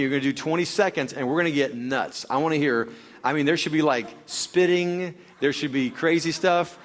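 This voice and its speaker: A man speaking live to a crowd from a stage, explaining an exercise and coaching volunteers through it with shouted cues. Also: fairly high pitch. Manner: energetic, coaxing, shouts workout cues. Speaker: wellness speaker leading a workout demo.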